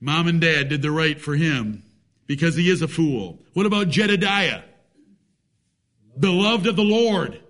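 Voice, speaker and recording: A man's voice: a little high, lively intonation, unhurried, pauses often, a bit bright. A man preaching a sermon, emphatic, with rhetorical questions and folksy jokes.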